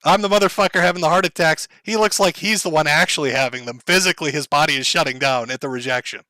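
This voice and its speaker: A man with a high, bright voice mocks a clip as he streams, swearing freely and cracking up. He sounds close and dry on the mic. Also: fast, dry recording. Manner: sarcastic, profane, laughing often. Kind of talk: casual mocking commentary.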